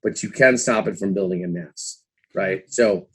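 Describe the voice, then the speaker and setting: A man's voice: sits low, moderate pace, husky. A man around fifty, a podcast guest telling his story casually, with lots of "you know"s and acted-out quotes of his own past thoughts. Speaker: guest, former trader and author.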